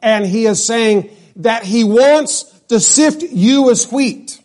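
A male pastor from New Mexico preaches in an unhurried, drawn-out way. His voice sits on the high side for a man. He pauses to put questions to the congregation as he explains his point. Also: expressive, a little mellow. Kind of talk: sermon.

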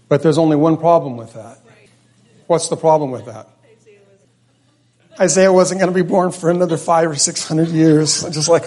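A middle-aged man preaching a sermon, telling stories in a loose, conversational way that is often animated and often corrects itself. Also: fairly high pitch, normal speed, pauses often.

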